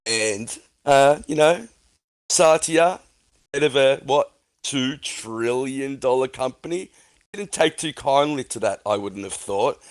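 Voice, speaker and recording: A man's voice: mid-range voice, expressive, slow, no room sound. A man on a casual gaming podcast, talking enthusiastically and with emphasis. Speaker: podcast guest.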